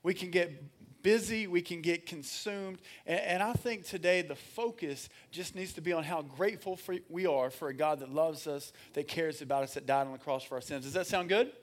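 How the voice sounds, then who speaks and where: A man preaching a sermon as pastor, energetic, calling on the congregation to answer and reading scripture aloud with frequent fillers. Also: a little high, moderate pace. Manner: energetic, calls for congregation responses.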